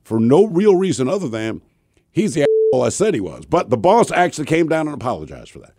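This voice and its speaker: A man in casual podcast chat whose pitch swings up and down as he tells stories and acts out what people said. He cusses easily. The sound is dry and close. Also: fast talker, no echo. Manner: animated, swears freely, acts out quotes. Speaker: podcast co-host.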